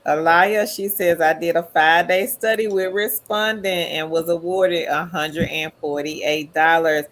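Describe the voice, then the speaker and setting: A woman's voice: on the low side, fairly even intonation, unhurried, fairly bright tone. A woman hosting a livestream, reading viewers' chat comments aloud in an upbeat, friendly way. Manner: upbeat, calls viewers queen. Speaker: livestream host.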